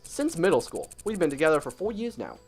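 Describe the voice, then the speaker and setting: A man playing an easygoing, friendly young male student in a game let's play, upbeat and lively. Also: fairly high pitch, a little fast, faint music behind, heavily acted.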